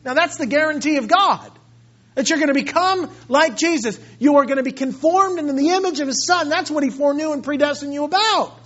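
A male pastor delivers a sermon in a strikingly high voice, swinging from quiet, earnest passages to loud, fervent outbursts. The recording is dull and lo-fi. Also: fairly quick. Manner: impassioned, swinging from hushed to loud.

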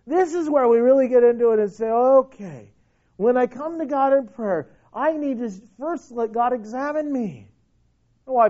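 A man preaching a sermon with passion, swinging between loud declarations and hushed, pleading lines. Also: sits high, dull audio. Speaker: pastor.

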